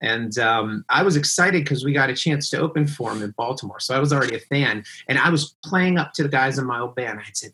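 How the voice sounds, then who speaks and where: A man's voice: medium pitch, fast talker, hardly any pauses, poor audio. A man in his forties, a musician guest, telling road stories in a casual interview and acting out the people he quotes. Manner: animated, acts out quotes in raised voices.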